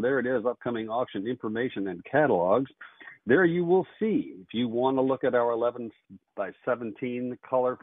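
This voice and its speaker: A man hosting a call-in radio show with fast, upbeat auctioneer patter. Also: mid-range voice, no echo. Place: radio studio. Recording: phone-like narrow band.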